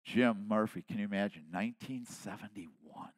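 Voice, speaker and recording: A man in his seventies preaching a sermon with passion, dropping to quiet asides and then rising to loud emphasis. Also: on the low side, normal speed, no room sound. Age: 70s. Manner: impassioned preaching, swinging between soft asides and loud emphasis. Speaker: pastor.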